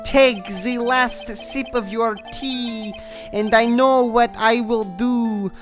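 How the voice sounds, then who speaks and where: A woman putting on a French accent to recite poetry slowly and with intensity as a pompous man. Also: fairly high pitch, fairly even intonation, voice pushed up. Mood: dramatic. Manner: slow, dramatic, intense. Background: game music.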